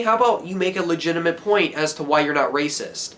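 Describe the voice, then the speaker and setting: A teenage guy's voice sitting a little high for a man, heated and full of swearing. He rants straight into the camera and yells at it. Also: animated, a little fast, a little hiss or hum. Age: teens. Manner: heated, profane, yelling. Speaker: vlogger. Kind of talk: angry rant to camera.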